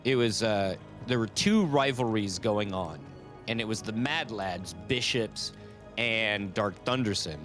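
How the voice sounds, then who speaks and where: A man co-hosting a live stream in casual chat, a little congested and raspy from a cold, easygoing and joking. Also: lowish voice, unhurried, a bit bright, soft background music. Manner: easygoing, playful, tells dad jokes. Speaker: co-host of a live-streamed tavern show.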